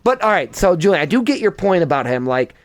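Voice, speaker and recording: A young man hosts a casual podcast chat, ranting in a heated, profane way. His voice sits a little high for a man, and the sound is close and dry with no room around it. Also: very animated, quick pace, no room sound. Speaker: podcast host.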